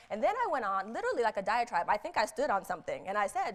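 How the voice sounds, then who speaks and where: A woman speaker on intercultural competence, telling a personal story in a lively way, acting out the people she quotes and laughing at herself. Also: medium pitch, rapid-fire, hardly any pauses. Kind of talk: storytelling talk.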